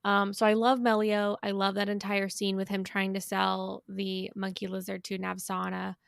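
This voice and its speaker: A woman's voice: mid-range voice, monotone, normal speed, creaky, clear, resonant tone, dry recording, clean studio sound. A woman, a podcast guest and co-creator, chatting enthusiastically with loose, rambling fillers. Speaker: co-creator of an audio drama, guest. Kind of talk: casual podcast chat.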